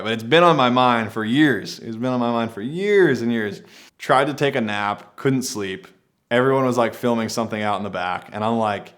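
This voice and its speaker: A man's voice: medium pitch, normal speed, fairly bright tone. Laid-back man telling a story. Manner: laid-back, rambling, heavy use of "like". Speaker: adventure athlete telling a personal story. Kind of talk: casual storytelling to camera.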